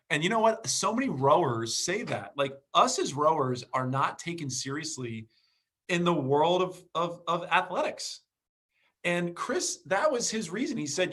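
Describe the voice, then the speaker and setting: A man's voice: on the high side, expressive, moderate pace, fairly bright tone. A man hosting an interview show, upbeat and encouraging with his guests. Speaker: podcast host.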